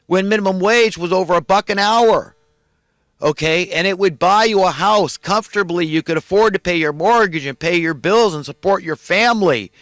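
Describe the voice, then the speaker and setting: A man's voice: high voice, a bit bright, dry recording. A man delivering an impassioned, indignant monologue, ranting and repeating himself as he builds his points. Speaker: online commentator.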